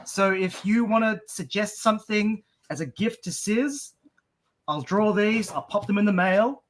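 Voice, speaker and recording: A man's voice: sits high, a little slow. A man hosting a live stream and drawing for viewers, chatty and upbeat, often tripping over his words. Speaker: stream co-host and artist. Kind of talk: casual live-stream chat.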